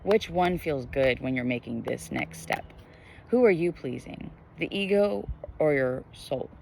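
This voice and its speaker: Young guy doing a chill tarot reading to camera, kinda high voice, rambly, says like a lot. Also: lively intonation, a little slow, vocal fry, a little hiss or hum. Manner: rambling, filler-heavy, spiritual musing. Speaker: tarot reader. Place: indoors, bright sky glowing behind them. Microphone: camera facing the speaker.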